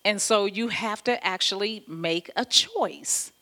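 A woman pastor giving an animated, conversational sermon, often laughing as she talks. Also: medium pitch, takes it slowly.

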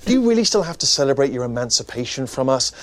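A man's voice: medium pitch, very animated, fast, a bit bright. An actor playing a cheeky English man mocking Americans in a comic ad, talking in a mocking tone. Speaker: ad spokesman. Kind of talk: comic ad monologue.

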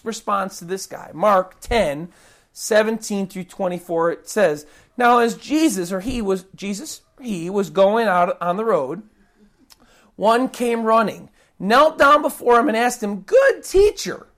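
A woman preaching a sermon, earnest and animated, acting out prayers and rude retorts as examples. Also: medium pitch, unhurried.

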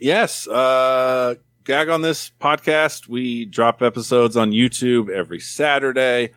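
A man guesting on a podcast, speaking bluntly with frequent swearing as he rambles through stories. His voice is mid-pitched and recorded close and dry, with no room sound. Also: slow, a bit bright, dry recording. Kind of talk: casual chat. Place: California.

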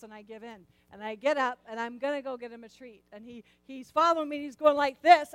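A middle-aged woman telling a personal story in a sermon, animated and repeating words as she acts out lines. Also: sits high, dry recording, low-quality recording.

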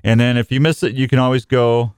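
Man, radio show host, rambling and jokey, smooth clear voice, dry close sound. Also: medium pitch, fairly even intonation, a little fast, darkish tone, dry recording. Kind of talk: casual live radio chat.

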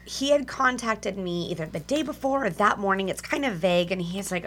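A woman's voice: medium pitch, expressive, a little fast, fairly bright tone. A middle-aged woman hosting a casual radio chat, playful and affirming, often chiming in with agreement. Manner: playful, affirming, lots of yeahs. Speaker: radio host.

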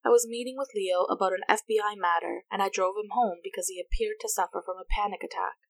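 A woman voicing a calm, careful female federal agent who explains herself in a measured, steady way. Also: medium pitch, creaky, rough recording.

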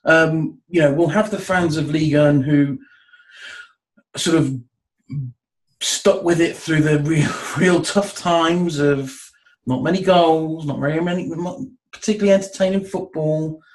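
A man with a voice a little higher than usual talks through a football question on a podcast. He thinks aloud and circles back with fillers as his ideas form. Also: fairly even intonation, measured pace, low-quality recording. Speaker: football pundit. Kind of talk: casual podcast discussion.

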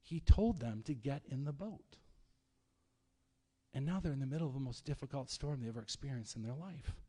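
A man preaching a sermon as pastor, telling stories in a lively, conversational way. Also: mid-range voice, a little fast, slightly rough. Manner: storytelling, animated, conversational preaching. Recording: long hall reverb.

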